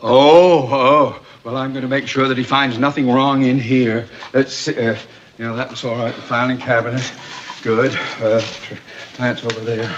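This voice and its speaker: A man's voice: medium pitch, level tone, normal speed, lightly acted. A man playing a stammering, flustered bank manager. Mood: fussing. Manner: stammering, nervous, with uh's and sputtered words. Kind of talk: 1960s sitcom acting. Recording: dull old TV soundtrack with noise.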